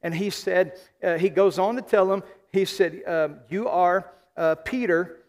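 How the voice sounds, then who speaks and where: A man from the American South preaching a sermon as pastor, emphatic, slowing and repeating key phrases. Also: high voice. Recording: long hall reverb.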